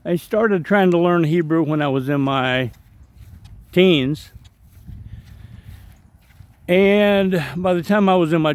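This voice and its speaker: Slow gravelly Southern man. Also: a little high. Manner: rambling, chatty, self-deprecating. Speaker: travel vlogger. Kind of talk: casual walkthrough narration. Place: outdoor park.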